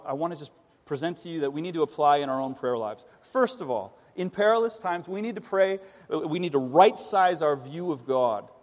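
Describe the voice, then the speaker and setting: A man preaching a sermon as pastor, earnest and emphatic, asking his congregation rhetorical questions. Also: on the high side. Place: church sanctuary. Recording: long reverb of a church hall.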